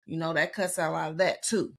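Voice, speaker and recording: A woman co-hosting a podcast in casual chat, repeating her points in relaxed everyday vernacular. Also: sits low, quick pace, creaky. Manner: conversational, repeats phrases, speaks in relaxed vernacular. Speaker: podcast co-host.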